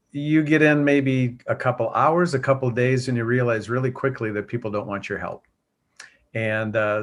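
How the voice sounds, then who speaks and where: Earnest male former police officer. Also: mid-range voice. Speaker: guest, former police officer launching a church. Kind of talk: conversational interview.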